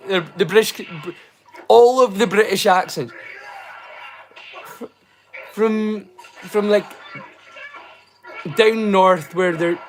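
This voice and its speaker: A man's voice: sits high, low-quality recording. A man with a Northeast Scottish accent, hosting a livestream in a casual, rambling, joking way. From Scotland. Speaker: livestream host.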